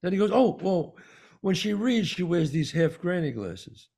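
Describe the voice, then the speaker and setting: A man with a New York accent, co-hosting a talk show and telling a personal story in an animated way, acting out the voices of the people in it. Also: high-pitched, unhurried, gravelly, breathy edge. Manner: animated storyteller, acts out quoted dialogue. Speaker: podcast co-host. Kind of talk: storytelling in casual conversation.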